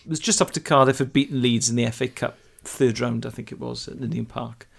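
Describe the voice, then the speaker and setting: Gravelly welsh bloke, mid pitch, chatty football yarn. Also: male voice, fairly even intonation, fast talker. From Wales. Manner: chatty, detailed football anecdote. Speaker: podcast co-host. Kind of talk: casual storytelling.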